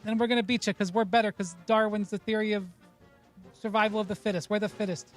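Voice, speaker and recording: A man playing a boastful football coach in a thick Pittsburgh accent. He chants his brags with rising swagger, his voice sitting high. A quick, punchy rhythm. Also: level tone, faint music behind, lightly acted. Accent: Pittsburgh put-on.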